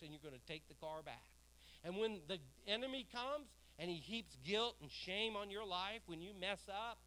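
A male pastor with a high, bright, ringing voice preaches animatedly, throwing questions to the congregation and waiting for their responses. He slows right down on key phrases, drawing out the words and pushing them out in loud swells of emphasis.

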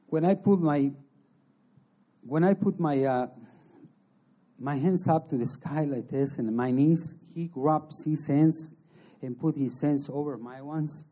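Man telling a halting, earnest testimony. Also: a little high, mellow. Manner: halting, earnest, in non-native English; emotional storytelling. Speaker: interview guest. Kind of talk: personal testimony.

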